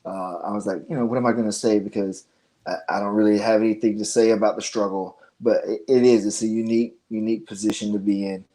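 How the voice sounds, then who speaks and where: A man's voice: lowish voice, little pitch movement, fast talker, dark tone, rough recording. A man speaking as a guest on a casual podcast, earnest and easygoing. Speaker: guest, gym owner.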